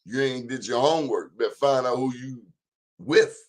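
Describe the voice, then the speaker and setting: Male talk host, middle-pitched voice, folksy and preachy, hits his points hard. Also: a little fast. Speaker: show host. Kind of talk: talk show monologue.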